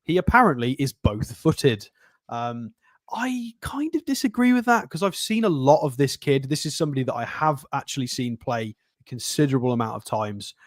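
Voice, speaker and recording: A man co-hosting a football podcast, talking through a player in a quick, casual, analytical way. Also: mid-range voice, expressive, no room sound, clean studio sound. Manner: chatty, fast, analytical. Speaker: co-host.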